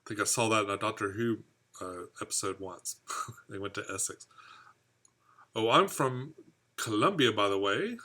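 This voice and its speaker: Chatty bright-voiced man hosting a live stream. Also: lowish voice, normal speed, pauses often. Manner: rambling, chatty, laughs at own jokes. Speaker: fishkeeping channel host. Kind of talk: live stream chat reading viewer comments.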